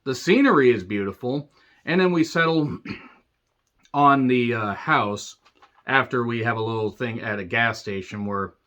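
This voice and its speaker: A man's voice: medium pitch, measured pace, a bit bright. A man tearing into a film he hated, his review a profane, sarcastic rant. He drifts off into jokey tangents and comes back to the point. His voice sits in a middle range, and the recording sounds a little dull and lo-fi. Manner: sarcastic, profane, rambling asides. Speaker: movie reviewer. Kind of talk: ranting movie review.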